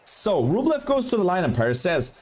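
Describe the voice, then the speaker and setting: Male tennis streamer, high voice, excitable and chatty. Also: normal speed. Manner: excitable, animated, talks straight to chat. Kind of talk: casual live-stream commentary.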